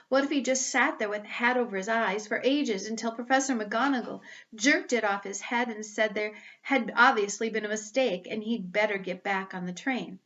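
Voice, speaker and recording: A woman reading a storybook aloud with careful, expressive delivery. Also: mid-range voice, muffled recording.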